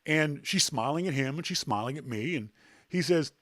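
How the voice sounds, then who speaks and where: A man hosting a podcast, telling a self-deprecating anecdote in a casual, animated way. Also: on the high side, moderate pace, dry recording, clean studio sound. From Canada. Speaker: podcast host. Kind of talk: casual storytelling.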